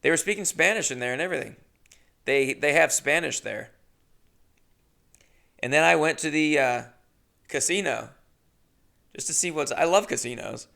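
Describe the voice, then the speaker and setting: A young man hosting a podcast, telling a comedic story in a rambling, profane, animated way. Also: on the high side, moderate pace, vocal fry, pauses often. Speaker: podcast host.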